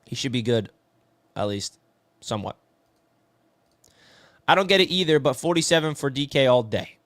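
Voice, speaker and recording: A man's voice: medium pitch, animated, moderate pace, no echo. Casting: New man, live sports stream host, casual and chatty, close dry mic. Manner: chatty, answers viewer comments, says "bro" a lot. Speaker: sports talk show host reading live chat.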